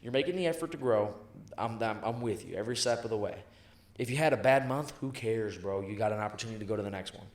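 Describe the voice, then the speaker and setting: A man's voice: fairly low pitch, fast talker. A man being interviewed about sales, talking in an emphatic, blunt and profane way, repeating lines for punch. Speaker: sales professional guest. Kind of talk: motivational interview talk. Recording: echoey room.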